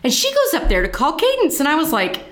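An older woman, a former Marine, telling stories from her service in an animated, laughing conversational way. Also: high voice, fast talker, roomy sound. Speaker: veteran telling her story. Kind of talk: casual storytelling chat.

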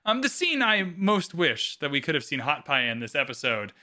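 A man's voice: on the high side, very animated, normal speed, sharp tone. A man co-hosting a podcast, talking casually and swearing freely as he gives his opinions. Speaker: podcast co-host.

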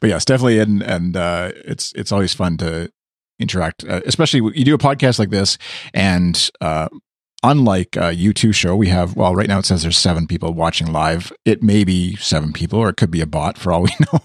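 A man co-hosting a fan podcast teases the others with wry remarks. His voice is very deep, and the recording is dry and close. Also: a little fast, no room sound. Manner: wry, teasing. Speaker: podcast co-host. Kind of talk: casual chat.

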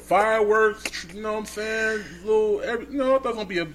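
Animated man telling a story. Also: sits high, very fast. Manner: animated storyteller, acts out voices. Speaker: podcast co-host. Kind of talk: casual storytelling chat.

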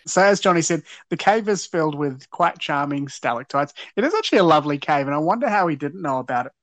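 A man talks through an old episode scene by scene, earnest with wry asides. His voice sits a touch high, and the sound is dry and close. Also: animated, quick pace, a bit bright, no room sound. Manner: earnest, wry, recounting plot. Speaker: podcast host. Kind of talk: casual episode recap.

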